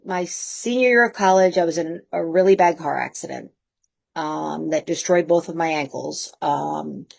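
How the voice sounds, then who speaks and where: Laughing woman telling stories, low voice. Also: vocal fry. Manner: lively anecdotes with frequent laughs. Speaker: guest. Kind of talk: casual storytelling.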